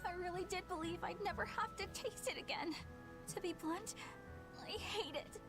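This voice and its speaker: A woman's voice: very high voice, moderate pace. An actress voicing an earnest, formal young female exorcist from a game, prim and easily flustered. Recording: game audio with background music.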